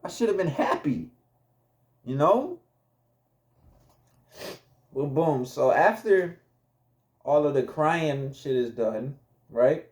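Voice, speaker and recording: A man's voice: fairly high pitch, animated, takes it slowly, long pauses, darkish tone. A young man casually telling a personal story to his viewers, laid-back and chatty, laughing often and calling the audience y'all.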